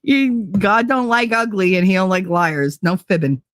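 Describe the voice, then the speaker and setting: A woman's voice: medium pitch, normal speed, dry recording, clean studio sound. A woman host, chatting casually with her live chat, bawdy and prone to giggling fits. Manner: giggly, frequent laughing fits, bawdy and loose. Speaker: livestream host reading chat.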